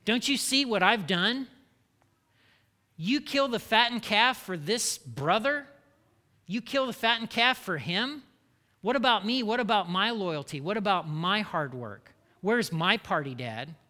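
Man voicing a bitter older brother: indignant, complaining, sharp-toned and high. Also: animated, unhurried, long reverb tail, exaggerated voice. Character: resentful older brother, adult man, self-righteous.

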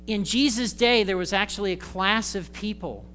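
A male pastor giving a conversational, animated sermon in church, acting out voices. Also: sits high, moderate pace, a little hiss or hum.

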